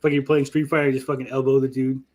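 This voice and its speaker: A man's voice: medium pitch, level tone, quick pace, a little mellow. A man hosting a stream, cursing and mocking the video with his co-hosts. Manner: profane, mocking. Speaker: stream host. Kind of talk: crude casual banter.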